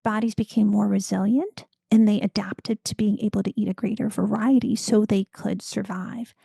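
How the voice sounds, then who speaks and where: A woman guest expert in an interview, explaining health science in an informative, measured way. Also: medium pitch, steady tone, creaky, mellow, breathy edge, dry recording.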